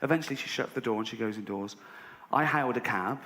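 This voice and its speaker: An English man doing stand-up, telling a story in a sardonic way and jumping up in pitch when he voices other people. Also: fast, sharp tone. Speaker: stand-up comedian. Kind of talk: stand-up routine. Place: large live venue. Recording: roomy live venue with audience noise.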